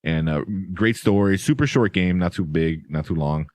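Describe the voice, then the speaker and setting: Low-voiced man in rambling movie chat. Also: moderate pace, a little mellow, dry recording. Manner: rambling, filler-heavy, enthusiastic. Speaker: podcast host. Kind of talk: casual movie review chat.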